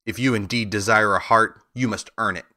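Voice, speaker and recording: A man's voice: fairly low pitch, steady tone, brisk, bright, forceful tone. A man reading the lines of a mighty male wizard who speaks as a beast and as a ball of fire, in a stern, commanding way.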